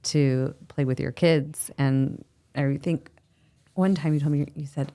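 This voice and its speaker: Female fitness coach, very low voice, playful quick-fire questioner. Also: fairly even intonation, mellow. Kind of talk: casual interview, quick questions.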